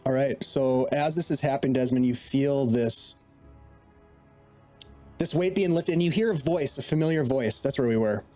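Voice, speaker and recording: A man's voice: mid-range voice, normal speed, warm tone, soft background music. Man narrating as dungeon master. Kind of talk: narrating a tabletop game.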